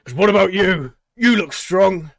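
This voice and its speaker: A man doing a booming cat-folk tavern recruiter. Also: expressive, unhurried, gravelly, a crowd in the background, full character voice. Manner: loud, hearty, salesman-like.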